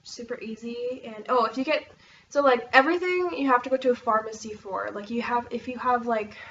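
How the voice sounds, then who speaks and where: A woman's voice: on the high side, fairly quick, a bit bright, distant mic, highs cut off, a little hiss or hum. A young American woman from Oregon chatting casually to camera, rambling with lots of fillers and bubbly bursts. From Oregon, USA. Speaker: vlogger.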